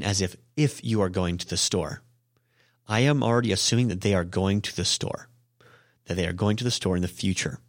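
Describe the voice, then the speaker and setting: Guy with a lowish voice teaching japanese on his podcast, lots of ums, fixes himself mid-sentence, dry sound. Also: dry recording. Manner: explains with many ums and self-corrections. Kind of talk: casual podcast language lesson.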